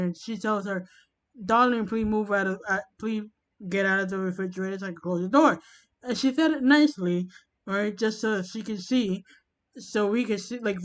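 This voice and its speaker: Rambling woman in casual chat, stumbling restarts, mid-range voice, muffled lo-fi sound. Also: mid-range voice. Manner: rambling, halting, many restarts.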